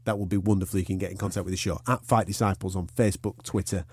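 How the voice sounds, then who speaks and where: A man's voice: sits low, steady tone, racing, a little mellow, breathy edge, no echo. A man hosting a podcast in chatty, teasing banter with his co-host. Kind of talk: casual chat.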